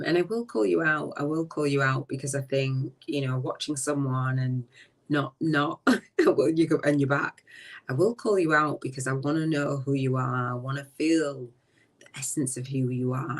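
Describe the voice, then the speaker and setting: Woman, middle-aged, spiritual live-stream host, reflective, unhurried, flat delivery, distant mic. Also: rumbling low. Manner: reflective, slow and unhurried, trailing off, often dropping soft. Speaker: podcast host. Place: a relative's home.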